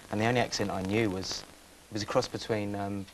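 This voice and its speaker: Chatty man with a low voice. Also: fairly even intonation, quick pace, poor audio. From England. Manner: chatty, rambling, self-interrupting. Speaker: guest. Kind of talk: casual chat. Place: breakfast TV studio. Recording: faint hiss from old VHS tape.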